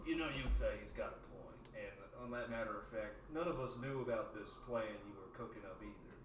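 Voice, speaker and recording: Man doing a soft, formal gentle man. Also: on the low side, a little fast, noisy background, lightly acted. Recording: roomy distant mic with music.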